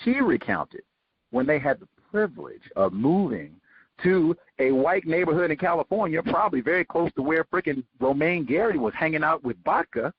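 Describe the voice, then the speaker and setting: Guy hosting a radio book talk, husky voice, kinda high, sarcastic asides, dull lo-fi sound. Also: big pitch swings, normal speed, no echo. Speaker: host. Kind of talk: book study commentary.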